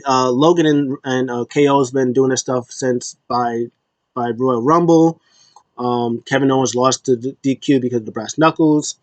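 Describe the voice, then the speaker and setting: A man's voice: medium pitch, no echo. A man hosting a casual solo recap, rambling loosely with restarts and fillers. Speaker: wrestling show host. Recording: dull lo-fi dry recording.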